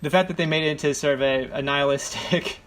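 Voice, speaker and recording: A man's voice: fairly high pitch, steady tone, fast, a bit bright. A man co-hosting a gameplay video, chatting casually and asking curious questions about the game. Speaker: let's play co-host.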